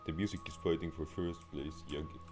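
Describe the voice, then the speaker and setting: A man's voice: fairly even intonation, brisk, over music. A man putting on an accent to voice a laid-back adult man who chimes in with offhand asides. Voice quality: very deep.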